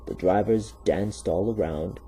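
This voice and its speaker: A man narrating a children's story aloud in a steady, plain reading manner. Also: sits low, measured pace, faint music behind, rough recording.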